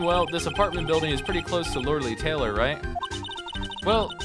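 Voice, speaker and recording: A playful player reads a game aloud, giving each character a quick, animated voice and cracking jokes in between. The voice sits at a middle pitch. Clear game music plays behind the talk. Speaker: let's play voice actors.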